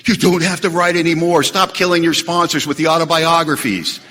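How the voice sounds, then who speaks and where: A man speaking at a recovery meeting, an animated storyteller who jokes and acts out quotes. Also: a little high, fairly quick. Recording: echoey hall recording.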